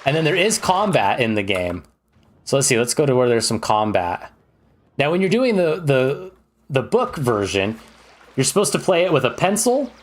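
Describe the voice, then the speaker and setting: Male streamer, casual game talk, eager and rambling, mid-pitched voice, lots of ums. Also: big pitch swings, normal speed. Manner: chatty and rambling, with many fillers; enthusiastic. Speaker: streamer ranking games. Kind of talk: casual livestream commentary.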